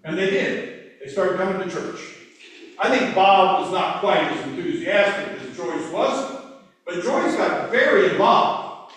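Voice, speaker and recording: A man preaching a sermon as pastor, telling a story in a conversational way and quoting dialogue softly. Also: high voice. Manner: conversational, quotes dialogue in a softer voice. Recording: echoey church hall, mic far off.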